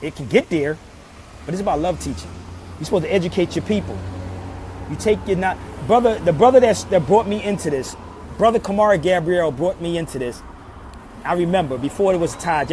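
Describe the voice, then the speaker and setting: A man's voice: sits high, darkish tone. Preachy man, traffic noise behind. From Philadelphia, USA. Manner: emphatic and preachy, repeating pleas. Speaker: social media commentator. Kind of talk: impassioned street monologue.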